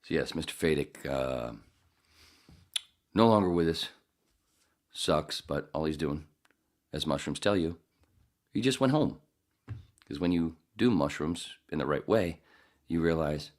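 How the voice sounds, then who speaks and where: Deep-voiced rambling podcast man. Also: unhurried, long pauses. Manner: profane, rambling, jumps into loud high voices. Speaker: podcast host. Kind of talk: rambling casual monologue.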